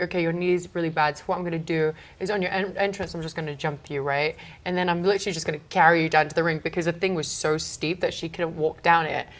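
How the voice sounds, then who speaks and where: A young woman, a guest telling a story in a casual interview, animated and full of fillers. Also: on the low side. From England. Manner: animated, lots of fillers and quoted asides. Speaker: guest, wrestler.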